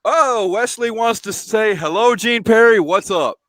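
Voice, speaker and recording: A man's voice: sits high, measured pace, a bit bright, no echo. A man hosting a casual live stream from home, chatting, reading out viewer comments and laughing often. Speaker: show host.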